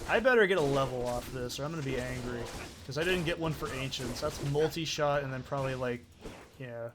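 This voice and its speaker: A young man casually commenting on his own gameplay as a let's play host, excitable and swearing often as he talks to himself. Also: mid-range voice, brisk, over music.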